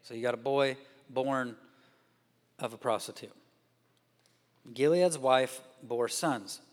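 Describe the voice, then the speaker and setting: Animated male preacher in a reverberant hall. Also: medium pitch, slow pace. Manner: animated storytelling, acts out characters' voices. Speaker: guest preacher. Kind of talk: sermon. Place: church sanctuary.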